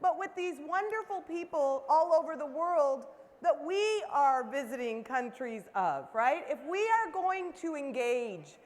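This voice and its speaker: Speaking a little slowly in a high, very animated voice, a woman gives an interactive conference keynote, cheerfully coaxing the audience into calling out greetings. Long reverb fills the large hall.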